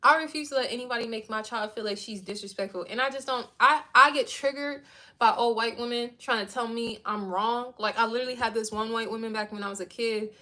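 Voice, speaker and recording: Bright, high-voiced woman ranting bluntly. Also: brisk. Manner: blunt and profane, animated retelling. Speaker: livestream host. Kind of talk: casual storytime rant.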